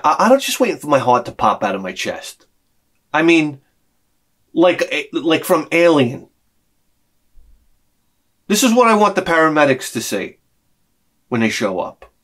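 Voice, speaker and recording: A middle-aged man ranting to camera as a vlogger, profane and sarcastic, dropping to mutters and then shouting his outbursts. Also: fairly high pitch, big pitch swings, measured pace, pauses often. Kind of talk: rambling comic rant to camera.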